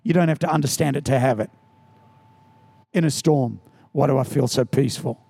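A man preaching a sermon, animated and emphatic, with storytelling and repeated lines. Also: medium pitch, brisk, creaky. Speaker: pastor.

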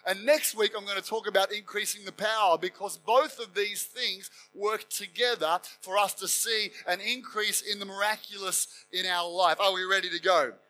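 A man preaching with a high, bright, forceful voice. He tells the story with emphasis and slips into the voices of the people he quotes. Soft music plays faintly behind him. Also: fairly even intonation, normal speed, hardly any pauses, low-quality recording. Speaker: pastor. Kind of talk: sermon.

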